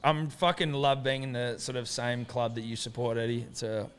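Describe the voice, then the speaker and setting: A man's voice: medium pitch, flat delivery, moderate pace, slight background noise. An Australian man joking and stirring his mates while watching a rugby league game. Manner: teasing, joking, mock commentary. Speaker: footy fan watching a match. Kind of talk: casual banter over a game.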